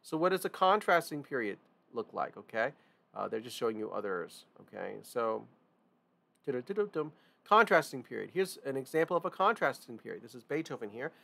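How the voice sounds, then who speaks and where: Very animated and a little fast, this man's medium-pitched voice is gravelly with a sharp tone. He teaches music theory casually online. He often repeats and emphasizes the key points and restarts what he's saying.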